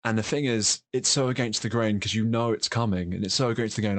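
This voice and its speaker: A low-pitched man with an English accent spins long, rambling stories in a casual chat and laughs often along the way. The sound is close and dry, with no room around the voice. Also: fast, fairly bright tone, dry recording. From England. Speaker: podcast host.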